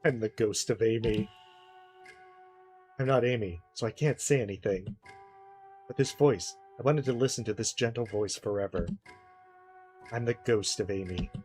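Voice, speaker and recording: Brief: a man playing a sorrowful girl's ghost with a quiet, wistful delivery, with game music behind. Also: on the low side, normal speed, pauses often, natural voice, poor audio. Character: sorrowful ghost of a young girl.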